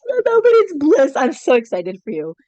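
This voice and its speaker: A woman's voice: high-pitched, huge pitch swings, fairly quick, warm tone, dry recording, highs cut off. A woman co-hosting a podcast in casual chat over a video call, enthusiastic and laughing often. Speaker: podcast co-host.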